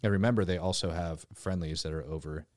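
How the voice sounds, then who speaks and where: A man's voice: low-pitched, fast talker, darkish tone, no room sound, studio quality. A man hosting a casual podcast, explaining things while he draws on a map. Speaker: podcast host.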